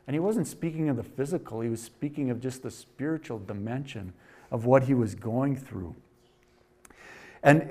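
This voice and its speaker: A man with a Wisconsin accent preaches in a middle-pitched voice. He reads scripture with loud, emphatic lift and then falls to quiet, conversational asides. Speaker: pastor. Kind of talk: sermon.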